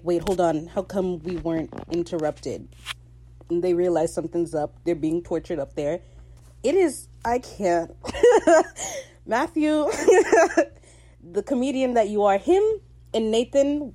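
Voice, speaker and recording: A woman hosting a podcast, recapping a TV episode in casual chat, animated and slangy, often laughing mid-sentence. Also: mid-range voice. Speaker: podcast host.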